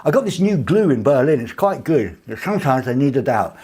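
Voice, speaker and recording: A man's voice: medium pitch, big pitch swings, fairly quick, darkish tone, breathy edge. A man hosting a casual live show from a small studio, reading out viewer comments with cheeky, rambling jokes. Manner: jokey, rambling, cheeky asides.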